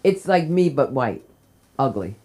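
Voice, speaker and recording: A woman's voice: rumbling low, big pitch swings, a little slow, dark tone, faint music behind. A woman from New Jersey hosting an open mic at a small comedy club, teasing the crowd and jumping from joke to joke. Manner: chatty, teasing, jumps between jokes. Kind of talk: live comedy hosting with audience banter.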